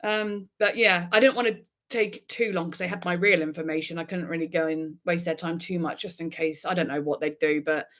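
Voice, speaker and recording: A woman chats loosely with her live stream audience. She tells her stories in an animated, giggly way and breaks into laughter often. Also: on the low side, a little fast, few pauses. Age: adult with a daughter. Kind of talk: casual live chat.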